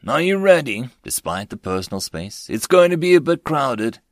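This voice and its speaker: A polite, protective male soldier, as a male narrator voices him, calm and courteous. The voice has a lively lilt and a dry, close sound. It fits an audiobook. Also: mid-range voice, moderate pace, no room sound, pitched above the performer's own voice, natural voice.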